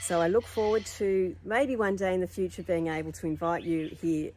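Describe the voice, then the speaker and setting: Low mellow woman giving a welcome. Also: fairly even intonation, moderate pace, slight background noise. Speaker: event host. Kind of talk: welcoming remarks.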